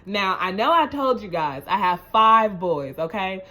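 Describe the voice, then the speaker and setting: A woman's voice: mid-range voice, big pitch swings, measured pace, bright, forceful tone. Woman vlogger, chatty and repetitive, earnest and emotional, moves into pep-talk encouragement. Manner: chatty, repetitive, often asks "you know what I'm saying?". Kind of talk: casual storytelling to camera.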